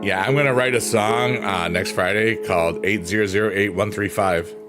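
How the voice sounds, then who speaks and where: A man's voice: on the low side, moderate pace. A man streaming and rambling cheerfully in casual chat while he plays the piano behind his talk. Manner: rambling, upbeat, playful swearing. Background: piano music.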